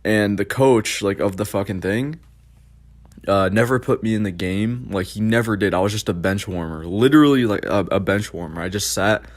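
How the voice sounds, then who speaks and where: A man's voice: on the low side, moderate pace. A young man casually telling stories from his childhood as a podcast host, rambling and swearing, with many fillers and restarts. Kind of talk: casual storytelling.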